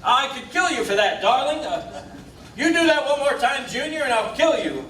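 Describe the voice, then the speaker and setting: A calm, reasoning juror. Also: male voice, extremely high pitch, exaggerated voice. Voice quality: measured, persuasive. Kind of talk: 1950s film drama. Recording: roomy film soundtrack, distant, faint hiss.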